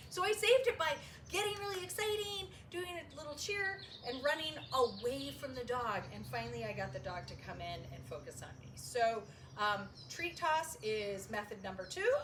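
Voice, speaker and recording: A high-pitched woman trainer talks in a lively, swooping voice and bursts into excited praise for the puppies. She sounds a little far from the mic, in an echoey room with faint noise. Her delivery is an instructive walkthrough of training steps. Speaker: dog trainer. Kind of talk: demonstrating training.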